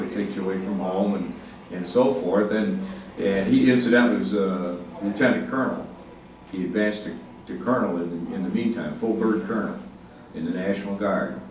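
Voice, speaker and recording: An older man giving a speech to an audience, halting with many fillers and restarts, speaking with emphasis. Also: on the low side. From Ohio, United States. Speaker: state legislative leader giving a speech. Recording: echoey hall, mic far off, faint noise.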